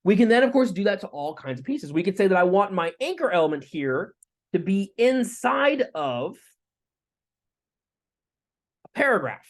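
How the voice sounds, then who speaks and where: A man teaching a lecture with live coding, talking in a relaxed way with fillers and restarts. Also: sits high, normal speed, long pauses. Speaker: instructor.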